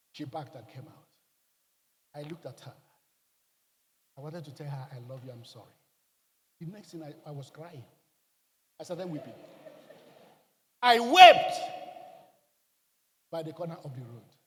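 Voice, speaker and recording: A man preaching a sermon, telling a personal story with emotional, emphatic delivery and loud bursts of exclamation. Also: a little high, in a large hall. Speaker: pastor.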